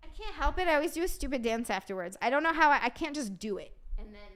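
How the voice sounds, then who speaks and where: Young woman streamer, casual chat with viewers, swears freely, bubbly, voice sits a bit high. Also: expressive, quick pace. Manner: profane, bubbly banter. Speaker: live streamer.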